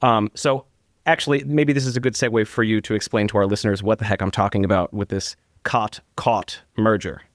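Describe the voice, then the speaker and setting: A man's voice: on the low side, steady tone, fast, dry recording, clean studio sound. A man from northern New Jersey hosting a podcast interview, talking eagerly with frequent restarts. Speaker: podcast host. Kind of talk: conversational interview.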